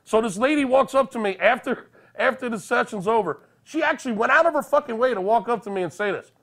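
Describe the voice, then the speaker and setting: A man's voice: extremely high pitch, quick pace. A man with a cold, sniffling and congested, co-hosting a podcast and telling stories animatedly with plenty of swearing. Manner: animated, profane storyteller. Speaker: podcast co-host. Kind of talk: casual podcast banter.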